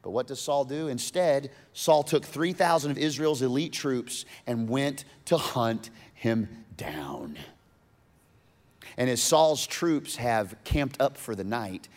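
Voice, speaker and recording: A man's voice: medium pitch, takes it slowly, big-room sound. Man preaching in a casual storytelling way. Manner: casual, animated storytelling with modern asides. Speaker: pastor. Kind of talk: sermon retelling a story.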